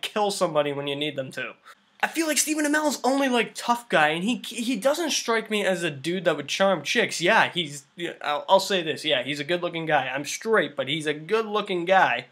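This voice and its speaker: A man reviews a TV season in a casual, rambling way, full of fillers and lots of "like." His voice is high, bright and forceful.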